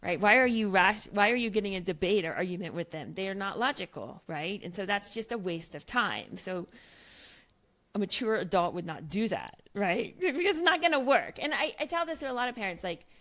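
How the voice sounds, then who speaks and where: A woman's voice: medium pitch, animated, a little fast, a bit bright. A middle-aged woman, a guest author on a podcast, talking through her ideas animatedly, with frequent restarts and tag questions. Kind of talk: podcast conversation.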